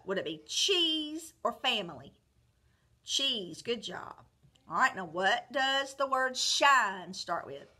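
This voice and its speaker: Woman, teacher, phonics lesson, very slow, encouraging, crisp bright tone. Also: fairly high pitch. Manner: clear, encouraging, drawn-out word modeling with praise. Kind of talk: slow, deliberate phonics lesson for young children.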